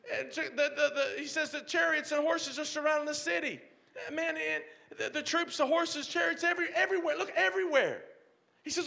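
A man pastor preaching a sermon with call-and-response, swinging from shouted lines to hushed ones. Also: very high voice, gravelly.

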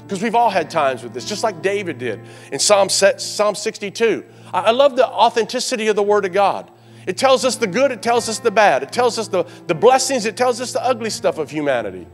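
A man preaching a sermon as pastor, rising into loud fervent calls and dropping to quiet asides, often repeating words as he builds. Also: sits high. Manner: repeats and restarts words when fired up.

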